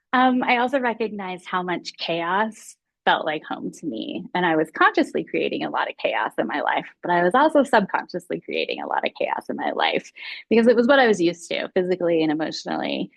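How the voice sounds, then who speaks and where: A woman's voice: on the low side, big pitch swings, a little fast, creaky, no room sound. A woman speaking as a guest mindfulness teacher, telling her own story openly and confessionally. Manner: open and confessional, acts out her own past thoughts. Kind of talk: candid personal storytelling.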